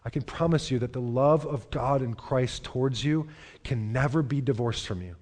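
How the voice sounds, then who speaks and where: A man's voice: medium pitch, moderate pace, a little mellow. A man preaching a sermon in a church, earnest and repeating phrases for emphasis. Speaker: pastor. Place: church hall.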